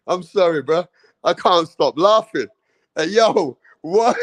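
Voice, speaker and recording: A young man giving casual, excitable boxing reaction commentary full of slang. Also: sits high, unhurried, no room sound.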